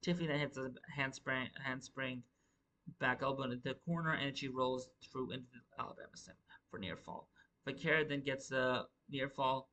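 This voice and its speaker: A man's voice: medium pitch, fairly even intonation, normal speed, bright, forceful tone, low-quality recording. A man giving a rambling, profane live review of a wrestling show, stumbling and restarting his sentences often.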